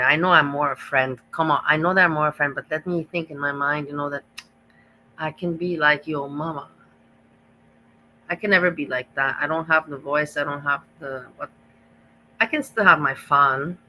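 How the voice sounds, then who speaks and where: A woman's voice: deep voice, normal speed, sharp tone, a little hiss or hum, poor audio. A woman hosting a live reaction stream, talking in a rambling, gossipy way that repeats itself and restarts often.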